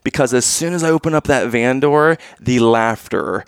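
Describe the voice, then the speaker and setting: A man in relaxed conversation, telling a story with lively acted-out lines and sudden loud bursts. His voice is mid-pitched, and the sound is dry and close. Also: normal speed, smooth, no echo. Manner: animated, acts out his own past lines with loud outbursts. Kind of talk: casual storytelling chat.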